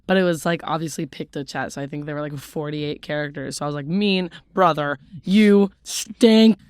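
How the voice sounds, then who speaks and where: A woman's voice: sits low, fast, clean tone, dry recording, studio quality. A young woman co-hosting a podcast, chatting casually in a rambling way full of fillers. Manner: rambling, filler-heavy, relaxed. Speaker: podcast co-host. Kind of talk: casual chat.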